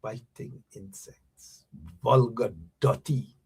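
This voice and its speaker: A man's voice: mid-range voice, animated, a little slow. A man with a Guyanese accent hosting a radio show, giving a mocking political commentary full of repeated taunts.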